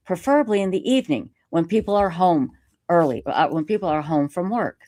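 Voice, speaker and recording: A woman live streamer telling a story in casual interview chat, animated and self-mocking, laughing often. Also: lowish voice, brisk, no room sound, clean studio sound. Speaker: YouTube live streamer reading a letter.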